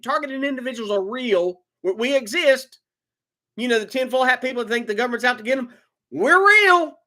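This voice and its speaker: Man, very high pitch, sharp bright tone, agitated emotional monologue, stumbles and repeats. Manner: agitated, repeats words, swings from shouting to low muttering. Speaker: vlogger telling his own story.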